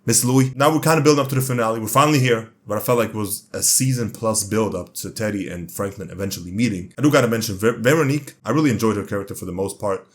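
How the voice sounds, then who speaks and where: A young man reviews a TV series in a casual, rambling way, full of slang and excitement. His voice sits a little low. He talks very fast and piles one thought on the next.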